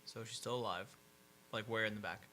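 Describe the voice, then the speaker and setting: A man's voice: lowish voice, fairly even intonation, a little fast, sharp tone. A man playing in a tabletop game, talking casually, often stammering and hesitating. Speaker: player.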